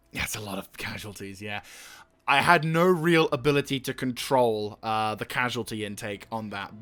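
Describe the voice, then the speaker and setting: A young man giving let's-play commentary, excitedly barking orders at his troops, swearing, and rambling about the game. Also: mid-range voice. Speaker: gaming channel host.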